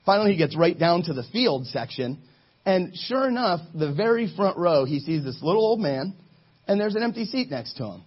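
A man's voice: high-pitched, very animated, moderate pace, breathy edge, muffled recording. A man giving a casual, joking sermon to a live group, telling stories in a chatty way.

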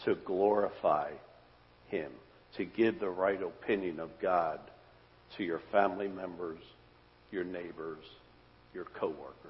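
A man preaching a sermon as pastor, earnest and repeating phrases for emphasis, his voice trailing off softly at the ends of phrases. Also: low-pitched, steady tone, unhurried, pauses often. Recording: dull sound with long hall reverb.

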